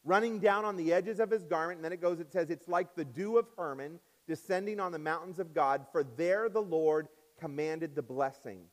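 A man preaching a sermon as pastor in a church, swinging up and down in pitch and loudness and stretching out key words. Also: in a large hall. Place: church sanctuary.

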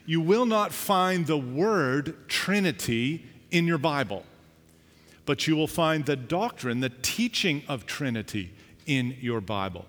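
A man's voice: fairly high pitch, lively intonation, slow, fairly bright tone. Male pastor, conversational sermon delivery, raised voice, reverberant sanctuary. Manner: conversational preaching with acted-out anecdotes.

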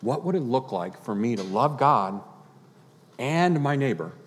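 A male pastor delivers a sermon in an earnest voice of middle pitch. He climbs to impassioned peaks, then sinks back to quiet, reflective lines. His voice rings out with a long reverb, as in a church sanctuary. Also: animated, measured pace.

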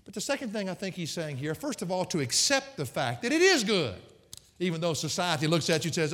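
A male preacher delivering a sermon, telling folksy stories with humorous asides. His voice sits a little high and rings bright and forceful. A long church reverb trails every phrase. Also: fast. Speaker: pastor. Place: church sanctuary.

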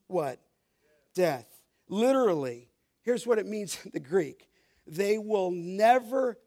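A male pastor delivers a sermon in a fairly high voice. He reads verses slowly and with emphasis, pausing to ask his listeners to fill in the key word. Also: darkish tone. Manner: emphatic preaching, reads scripture slowly, asks the congregation rhetorical questions.

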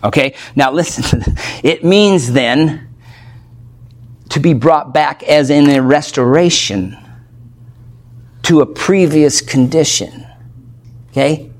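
A man's voice: fairly high pitch, animated, slow, a little mellow. A man preaching a verse-by-verse sermon, teaching in a conversational way and often checking in with his listeners. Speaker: pastor. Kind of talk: expository sermon.

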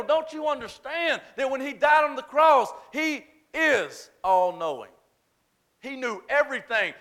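A man preaching a sermon, swinging between shouted emphasis and hushed, quiet passages. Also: very high voice. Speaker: pastor.

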